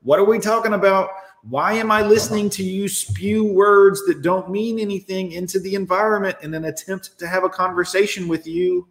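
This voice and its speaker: A man's voice: high voice, fairly even intonation, moderate pace, hardly any pauses, reverberant. A man hosting a livestream, ranting sarcastically and profanely as he reacts to posts and talks to his chat. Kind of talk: ranting live commentary.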